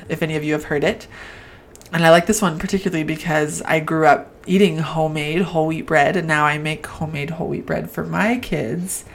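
A woman hosting a talk show as a parent, sharing childhood stories in a conversational, reflective way. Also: deep voice. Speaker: podcast host and parent. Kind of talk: casual talk.

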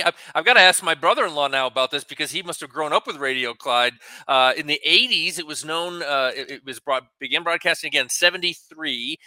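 Bright, slightly high male co-host. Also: no room sound. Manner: chatty, reads facts off notes with quick asides and chuckles. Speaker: radio talk show co-host. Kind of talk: casual radio talk, reading news items.

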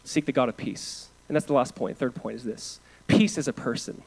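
A pastor delivering a sermon, moving from hushed, earnest lines to loud emphatic ones, with casual asides and fillers. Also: male voice, mid-range voice, a little fast, vocal fry, breathy edge, rough recording.

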